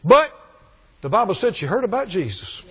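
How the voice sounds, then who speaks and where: A man's voice: high-pitched, very animated, moderate pace, a bit bright, slightly rough, in a large hall. A man preaching a sermon, emphatic and repetitive, drawing call-and-response from the congregation.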